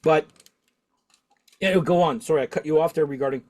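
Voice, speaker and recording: Chatty middle-aged man, higher voice. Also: brisk. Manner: talkative, animated, laughs often. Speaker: podcast host. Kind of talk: casual chat.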